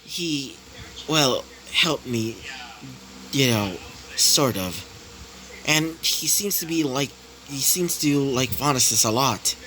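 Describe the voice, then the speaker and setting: A man's voice: medium pitch, expressive, takes it slowly, pauses often, sharp tone, a little hiss or hum, rough recording. A man voicing a determined young woman fighter in a fan story, plain voice with many hesitations. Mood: hesitant.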